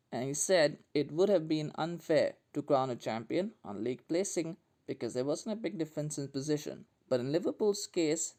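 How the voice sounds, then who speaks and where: A man's voice: a little high, mellow. A man hosting a comedic podcast, delivering a sarcastic, jokey monologue. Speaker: podcast host.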